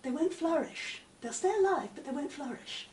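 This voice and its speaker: High-voiced woman, roomy distant recording. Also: lively intonation, a little mellow. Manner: measured, articulate, many "um" pauses. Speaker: interviewee, literature professor. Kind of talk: conversational interview. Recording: echoey room, mic at a distance, faint noise.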